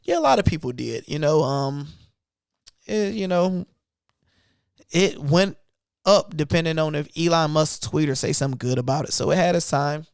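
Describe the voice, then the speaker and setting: A man's voice: a little high, expressive, normal speed, vocal fry, smooth, dry recording, clean studio sound. A man hosting an investing channel, chatting loosely about his trades in casual speech. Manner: loose and conversational, talking through trades. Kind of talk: casual livestream chat.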